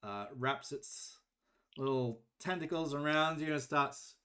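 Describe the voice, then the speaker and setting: Slow-spoken man running a tabletop game. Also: on the high side, fairly bright tone, clear, resonant tone. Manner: measured, explains rules step by step. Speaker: game master. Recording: live stream.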